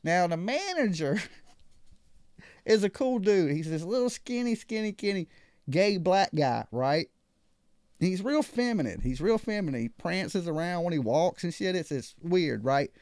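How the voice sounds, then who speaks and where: A man's voice: sits high, very animated, measured pace, darkish tone, no echo, clean studio sound. A man hosting a live call-in show, telling a story casually and acting out other people's lines.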